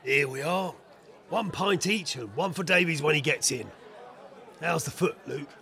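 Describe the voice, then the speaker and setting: An actor playing a commanding gentleman detective with a brisk, authoritative manner. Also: a little high, creaky, some chatter behind, exaggerated voice. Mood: genial.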